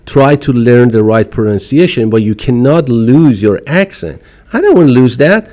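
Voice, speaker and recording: A man's voice: medium pitch, lively intonation, normal speed, mellow. A man from Iran with an Iranian accent and broken English, speaking emphatically and outspokenly as a podcast guest. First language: Farsi. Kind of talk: casual conversation.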